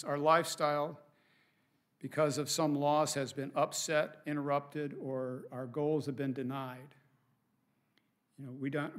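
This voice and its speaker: A middle-aged man, a pastor, preaching a sermon from the pulpit in an earnest, conversational way with casual asides. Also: fairly high pitch. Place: church sanctuary.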